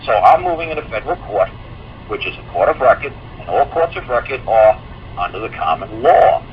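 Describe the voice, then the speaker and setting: A man's voice: fairly low pitch, a little fast. Rambling man on muffled call audio. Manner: rambling, animated storytelling with many fillers. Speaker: guest. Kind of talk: casual call-in chat. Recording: muffled online call audio with faint hiss.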